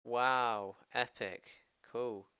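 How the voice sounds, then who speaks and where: British male streamer, bright crisp voice, casual coding talk, thinks aloud. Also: medium pitch, fairly even intonation, drawn-out words, no room sound. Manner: rambling, self-interrupting, thinking aloud. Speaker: programmer streamer.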